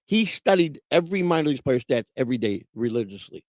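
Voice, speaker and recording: Fast-talking, profane man telling stories. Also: mid-range voice, sing-song, no room sound. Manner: profane, repetitive, rambling. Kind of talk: casual storytelling.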